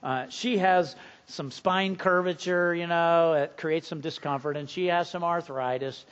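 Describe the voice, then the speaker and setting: A pastor in his fifties delivers a sermon in a fairly high male voice. He preaches earnestly and climbs louder and higher when he drives a point home. The recording sounds a little dull and lo-fi. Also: unhurried, smooth.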